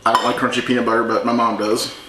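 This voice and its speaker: A man's voice: mid-range voice, little pitch movement, very fast, noisy background. Joking man cooking in an echoey kitchen. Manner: joking, chatty, teasing. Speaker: home cooking show host. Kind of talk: casual cooking demonstration. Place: home kitchen. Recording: echoey kitchen with dish clatter. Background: clinking dishes and utensils.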